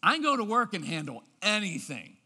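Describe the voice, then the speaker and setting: A man giving a lively talk on parenting, often acting out parents' voices and checking with the audience. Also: high-pitched, brisk, breathy edge. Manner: lively, acts out parents' voices, keeps asking "right?". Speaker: parenting speaker. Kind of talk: animated seminar talk. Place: church auditorium. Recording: long reverb of a large hall.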